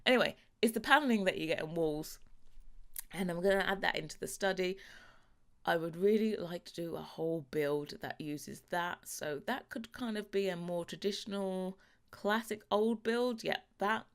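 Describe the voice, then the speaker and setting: A woman's voice: on the low side, moderate pace, clear, resonant tone. A young woman from London with a London English accent, chatting casually and rambling over gameplay, often breaking into laughs. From London, England. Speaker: gaming YouTuber.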